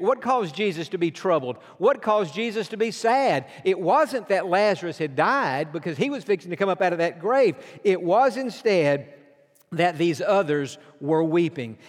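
A pastor preaching a sermon, earnest and emphatic, slowing down for weighty lines. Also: male voice, high voice. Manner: earnest, emphatic preaching with slow dramatic pauses. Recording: long hall reverb.

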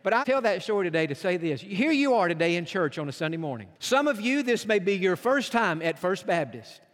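A man with a notably high voice preaches a sermon from the pulpit of a large church. He tells stories in an earnest, heartfelt manner as a pastor. His words ring out with the long reverb of the big sanctuary. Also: very animated, a little fast, a bit bright.

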